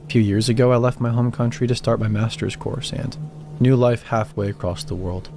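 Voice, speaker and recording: A man calmly reading first-person horror stories as a scripted narration, with music behind him. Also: mid-range voice, fairly quick, vocal fry, slight background noise. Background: background music.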